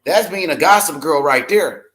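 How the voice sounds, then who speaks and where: Male co-host, high-pitched, blunt and dismissive, casual profane chat. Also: expressive, moderate pace, fairly bright tone. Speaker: boxing podcast co-host.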